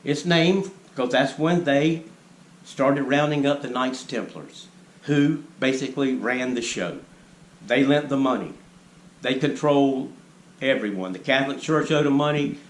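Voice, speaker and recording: In an echoey room with faint ambient noise, a man speaks at a somewhat slow pace in a medium-pitched voice. This vlogger preaches at his audience, firing off rhetorical questions throughout his lecturing monologue.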